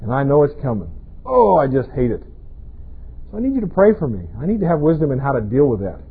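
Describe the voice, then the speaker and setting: A man's voice: mid-range voice, very animated, fast talker, breathy edge. A pastor preaching a sermon in a conversational way, often asking his congregation rhetorical questions. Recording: tinny, phone-like band-limited sound.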